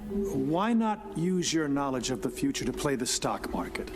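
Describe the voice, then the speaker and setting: An actor playing a practical male henchman who speaks measured and matter-of-fact. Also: mid-range voice, big pitch swings, close to an everyday voice. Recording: film audio with music.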